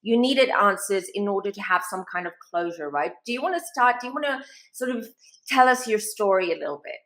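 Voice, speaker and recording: A woman hosting an interview who introduces her guest and asks gentle, attentive questions. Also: mid-range voice, expressive, brisk, reverberant. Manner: gentle and attentive, with soft prompts. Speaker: show host.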